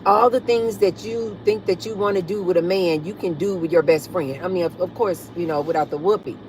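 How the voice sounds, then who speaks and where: Her voice lowish and darkish, she talks a little fast while hosting a relaxed livestream from her parked car. She reads viewers' comments out loud and laughs often, with slight background noise present.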